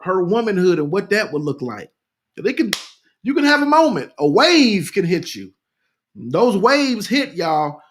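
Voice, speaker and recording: High-voiced man giving a rousing talk. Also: fairly bright tone. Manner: repetitive, rousing, addresses listeners as "y'all". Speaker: grief speaker hosting a live talk. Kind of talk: impassioned talk, reading viewer comments.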